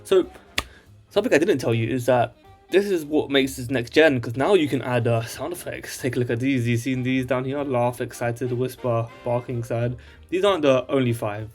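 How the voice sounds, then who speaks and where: A man's voice: mid-range voice, moderate pace, faint music behind. Male tutorial host, casual and rambling, checks in with "alright?" constantly. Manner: rambling, tags lines with "alright?". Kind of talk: casual screen-share tutorial.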